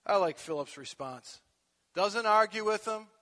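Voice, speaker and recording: A male pastor preaching a sermon, animated, swinging from soft conversational asides to loud emphatic peaks. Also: high-pitched, measured pace. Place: church sanctuary. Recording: long echo of a large hall.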